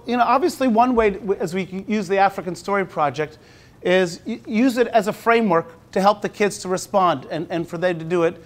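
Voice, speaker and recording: A male teacher giving a conference presentation in a conversational way, slowing down when he reads aloud. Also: high voice. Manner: conversational, with restarts; slows down when reading aloud. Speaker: teacher presenting at a university talk.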